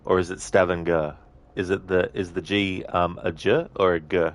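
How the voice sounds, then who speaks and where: A man's voice: sits low, fairly even intonation, normal speed. A man streaming a video game, chatting casually and reading out his chat's messages. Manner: chatty, reads out chat messages, laughs often. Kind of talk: casual gameplay commentary.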